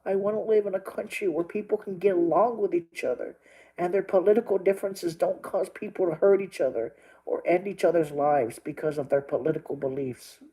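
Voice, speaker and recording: A man's voice: high-pitched, steady tone, fairly quick, warm tone, husky, rough recording. A man talking straight to his viewers while crying, pleading and repeating himself, with plenty of swearing. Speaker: livestreamer. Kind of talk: emotional monologue to viewers.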